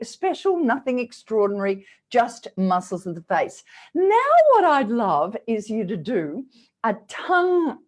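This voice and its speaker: A middle-aged woman leading a vocal warm-up lesson, coaxing and demonstrative. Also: medium pitch. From Australia. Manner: demonstrative, coaxing, with sung exercise syllables. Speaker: voice coach.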